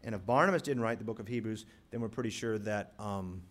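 A man pastor preaching a sermon, reading scripture slowly and swelling loudly on key words as he teaches his congregation. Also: fairly low pitch. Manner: emphatic preacher, rising loud on key words, slows to read scripture. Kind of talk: sermon with live props.

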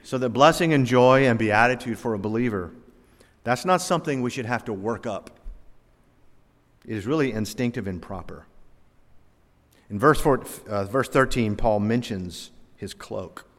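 A man's voice: mid-range voice, moderate pace, long pauses. Man preaching in a reverberant hall. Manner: animated, self-deprecating storyteller. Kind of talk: sermon with personal storytelling.

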